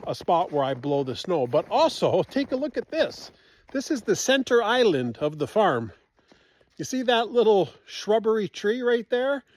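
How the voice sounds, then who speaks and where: A man's voice: high-pitched, darkish tone, dry recording. A man vlogging casually while walking around his farm, chatting to the camera and to his animals outdoors. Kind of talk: casual walk-and-talk vlog. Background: turkeys gobbling and poultry sounds.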